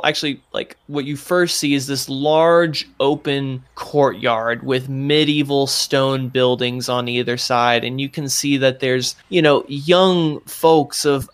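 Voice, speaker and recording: A man's voice: medium pitch, fairly bright tone, smooth. A man narrating a tabletop game as game master, rambling with lots of fillers. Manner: rambling, many fillers, laughs often.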